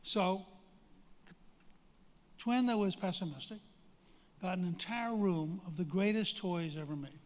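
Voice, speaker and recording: Older man speaking in a reverberant hall. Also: high voice. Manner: storytelling, folksy, emphatic. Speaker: guest speaker. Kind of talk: public speech with anecdote. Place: large hall.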